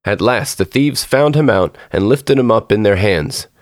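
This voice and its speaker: A man narrating a storybook as a podcast storyteller, in a measured, expressive reading. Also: fairly low pitch, no echo, clean studio sound.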